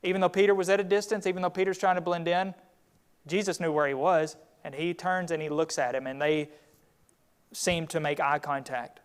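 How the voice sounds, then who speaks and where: A man's voice: a little high, steady tone, fairly quick, clean tone. A man teaching a Sunday Bible class, retelling a scripture scene in a conversational way.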